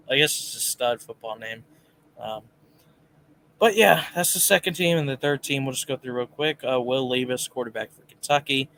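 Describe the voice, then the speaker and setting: A man's voice: medium pitch, a bit bright, a little hiss or hum. A man co-hosting a casual live sports talk show, reading viewer comments and giving his picks in a chatty way. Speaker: podcast co-host.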